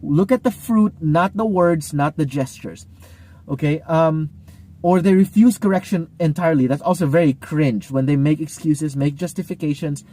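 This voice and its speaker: Pastor, male, slightly high voice, chatty and unpolished, casual teaching talk. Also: moderate pace, dark tone. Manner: conversational, many fillers and restarts.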